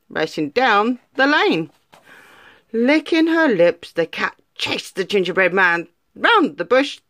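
A woman reading a children's story aloud in an expressive, lively way. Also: fairly high pitch, no room sound, clean studio sound.

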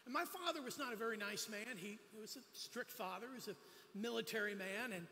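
A man's voice: high-pitched, fairly quick, pushed and bright, in a large hall, a little hiss or hum. A man giving a sermon as a guest preacher at a church, telling personal stories with humorous asides. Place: church sanctuary.

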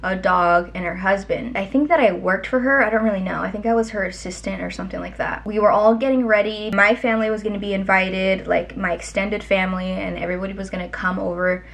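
A woman's voice: medium pitch, fairly even intonation, fast, gravelly, hardly any pauses, a bit bright. Young woman, vlogger, chatty, rambling, casual storytelling. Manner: chatty, rambling, lots of fillers. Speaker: lifestyle vlogger.

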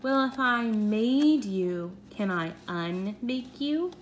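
A woman voicing a grumpy young girl animal in a storybook read-aloud, talking in a stroppy, shouty way. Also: a little high, animated, takes it slowly, slight background noise.

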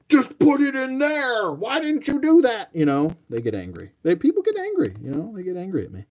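Rambling, lively-voiced man showing toys. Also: medium pitch. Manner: rambling, self-mocking, talks to his dog. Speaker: toy collector host. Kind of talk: live toy showcase chat.

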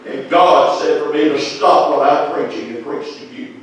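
A man preaching a Pentecostal sermon as a visiting minister, moving from hushed storytelling to loud, sung and shouted preaching. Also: a little high, moderate pace. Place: church sanctuary. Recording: echoey church room heard from a distance.

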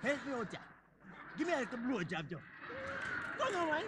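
An actor, playing a frustrated, hot-tempered old husband in a stage comedy. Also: male voice, very high-pitched, a little fast, noisy background. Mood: pleading. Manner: wheedling, then blustering.

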